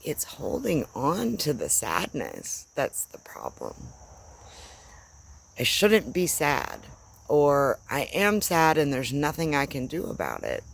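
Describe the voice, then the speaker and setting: Slow, gentle woman with lively pitch. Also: creaky, slight background noise. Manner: slow, gentle and searching, with long pauses. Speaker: spiritual teacher. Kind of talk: reflective spiritual talk. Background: faint crickets and insects.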